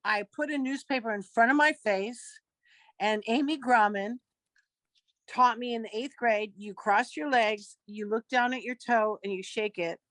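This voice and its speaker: A woman in her fifties tells a story as an interview guest, her pitch sitting in the middle range and her delivery full of acted-out lines. The sound is dry and close, with no room around it. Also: no room sound. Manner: lively storyteller who acts out quoted dialogue. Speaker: guest actress.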